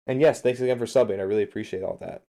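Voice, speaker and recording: Talking very fast in a lowish, warm voice with vocal fry, a streamer and game coach casually goes over a game replay on a livestream. He speaks directly to viewers and answers their messages in an upbeat, encouraging way.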